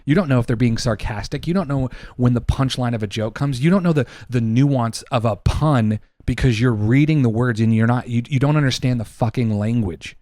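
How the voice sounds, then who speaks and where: A man co-hosting a podcast, delivering a heated, profane opinion rant, loud and emphatic. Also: medium pitch, brisk, hardly any pauses, dry recording, clean studio sound. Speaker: podcast co-host.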